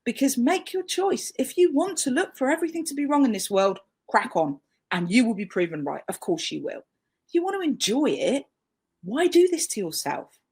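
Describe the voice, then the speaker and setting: A woman's voice: high voice, sing-song, moderate pace, darkish tone, slightly rough. A woman with a British accent giving a live webinar training talk over a video call, chatty, self-deprecating and emphatic. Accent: British English.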